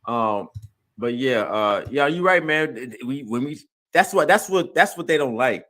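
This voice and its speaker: A man's voice: medium pitch, animated, moderate pace, pushed and bright. Laid-back slangy man hosting a livestream. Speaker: livestream host. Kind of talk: casual livestream chat.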